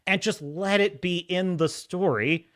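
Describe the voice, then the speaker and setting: A man's voice: high voice, a little slow, a bit bright. A man hosting a live show, mockingly reviewing a film with frequent laughter and acted-out scenes. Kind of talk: sarcastic film review rant.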